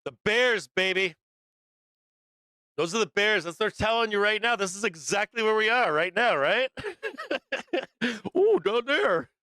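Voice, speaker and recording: A man's voice: high voice, expressive, unhurried, pushed and bright, clean tone, no echo, clean studio sound. A man hosting a livestream about the stock market, rambling and swearing casually as he talks to viewers and laughs often. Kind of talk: casual profane market commentary.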